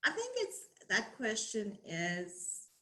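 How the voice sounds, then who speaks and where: A woman's voice: medium pitch, huge pitch swings, slow pace, bright, forceful tone, poor audio. A woman from South Africa with a South African accent tinged with American, speaking casually and with laughter as a webinar guest. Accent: South African with some American. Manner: chatty, laughing, self-deprecating. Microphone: video call.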